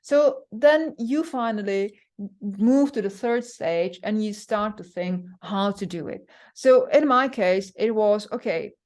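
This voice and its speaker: A woman explains a topic step by step in a relaxed lecture, earnest and plain-spoken. She restarts sentences and repeats her key words as she goes. Her voice sits at a middle pitch. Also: slow pace. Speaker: instructor. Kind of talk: explanatory lecture on project management.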